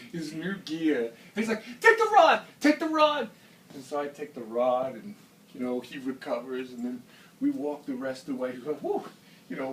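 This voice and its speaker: A man telling a casual story, laughing often and acting out the shouted lines of the people in it. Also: fairly high pitch. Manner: animated, laughing, acts out shouted quotes. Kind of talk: casual anecdote. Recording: roomy, from far off, faint ambience.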